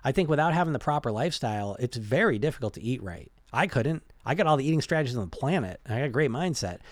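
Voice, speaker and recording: Animated and fast, a man with a medium-pitched voice gives a casual motivational talk as a weight-loss coach, with no echo in the audio. He talks conversationally, restarts and repeats words, and keeps checking in with "right?" and "you know?".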